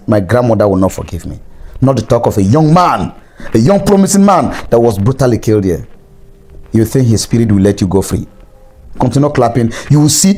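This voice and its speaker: A man's voice: mid-range voice, darkish tone. Angry Nigerian man, preachy commentary. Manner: angry, preachy, repeats phrases for emphasis. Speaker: online commentator. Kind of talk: impassioned political commentary.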